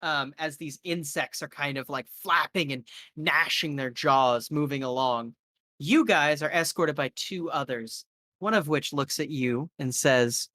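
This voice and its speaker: A man's voice: on the high side, a little slow, sharp tone, no echo, studio quality. Man narrating a tabletop horror game. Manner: loose, filler-heavy narration. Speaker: game master.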